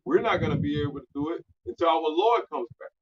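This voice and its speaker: A man from Louisiana with a Louisiana accent, preaching loudly and profanely in a street teaching discussion, often shouting. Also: on the high side, fast. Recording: distant dull recording.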